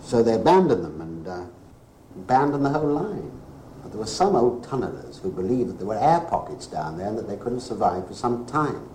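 A man explaining a tunnel disaster in measured, storytelling tones, heard as a clip from an old horror film. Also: fairly low pitch, sing-song, warm tone. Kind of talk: 1970s British horror film dialogue. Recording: old film soundtrack with faint noise and roomy echo.

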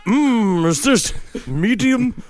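A man's voice: extremely high pitch, lively intonation, extremely slow, full character voice. A man hamming up a jolly bearded god. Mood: hammy. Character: jovial bearded male northern god.

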